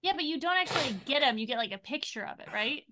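A woman's voice: sits high, expressive, quick pace, pushed and bright. A woman speaking in character in a tabletop game, friendly and chatty. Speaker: player.

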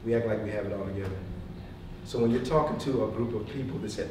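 A man in his thirties addresses a live audience as a motivational speaker, laughing often and moving between loud punchlines and hushed asides. He sounds distant from the mic, and the room's echo and steady background noise are clearly heard. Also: on the low side, fast talker. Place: meeting room with an audience. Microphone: far from the mic.

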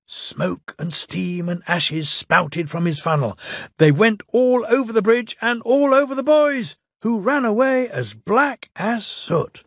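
Man narrating a storybook, slow, lively lilt, husky voice, dry close sound. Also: sits high, no room sound. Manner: lilting, expressive reading.

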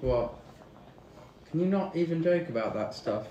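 A man's voice: fairly high pitch, lively intonation, moderate pace, mellow, a little hiss or hum. A young British man in his twenties, chatting and teasing casually while cooking in a home kitchen. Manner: banter, teasing and swearing. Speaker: streamer. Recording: roomy echoey kitchen.

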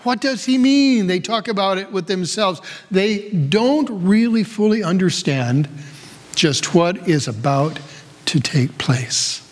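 A pastor delivers a sermon in a high, bright-pitched man's voice. His emphasis rises and falls as he reads scripture and then moves into storytelling. The words ring out with long reverb through a church sanctuary. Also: slow pace.

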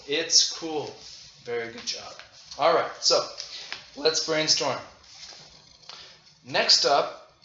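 Male English teacher, bright and fairly high, deliberate repetition, classroom demo. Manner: slow, deliberate, repeating phrases for learners. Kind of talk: demo lesson for children. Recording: roomy, dull lo-fi audio with faint noise.

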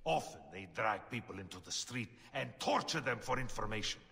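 A flowery, theatrical scholar-poet. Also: male voice, lowish voice, animated, fairly quick, gravelly, sharp tone, in a large hall, exaggerated voice. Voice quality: grand, flowery delivery. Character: theatrical male scholar-poet, cousin and guide. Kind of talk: video game voice acting.

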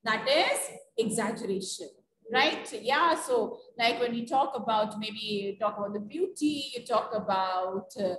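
A woman with an Indian English accent teaches an online English class, explaining with many fillers and checking questions. Her fairly high voice has lively intonation and a measured pace, recorded in an echoey room with a distant mic and faint noise.

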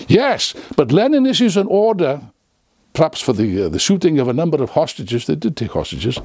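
A man's voice: a little high, big pitch swings, a little fast, a little mellow, breathy edge, dry recording. An older man giving an impassioned, unscripted lecture to camera, full of sarcastic asides and restarts, close on the mic. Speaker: political speaker.

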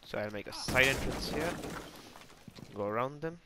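A man hosting a gaming channel, giving live, excitable and self-mocking commentary as he plays, talking to teammates and enemies. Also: mid-range voice, moderate pace, heavy background noise.

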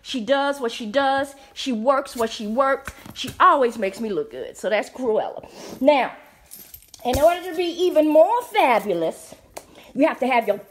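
A middle-aged woman hosting her own show, talking to the camera in a playful, flamboyant way, hoarse from a sore throat. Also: sits high, animated, measured pace, slight background noise. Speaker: show host. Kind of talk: casual chat to camera.

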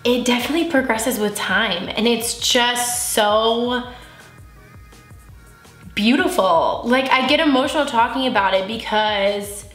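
A woman's voice: a little high, unhurried, fairly bright tone. A woman in her twenties chatting candidly and emotionally while doing her makeup for a vlog. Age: 20s. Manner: candid, giggly, emotional and open. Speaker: beauty vlogger. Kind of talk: casual get-ready-with-me chat. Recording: echoey room with faint music.

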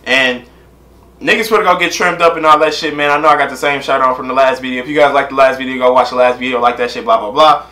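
A man's voice: medium pitch, fairly even intonation, fast, sharp tone, reverberant. Slangy man hosting a reaction vlog. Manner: loose, slangy, rambling with constant filler phrases. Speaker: reaction channel host.

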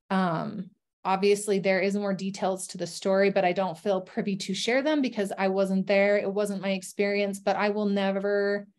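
Earnest woman sharing a personal testimony. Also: mid-range voice. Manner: earnest, candid, with frequent fillers and restarts. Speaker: guest telling her life story.

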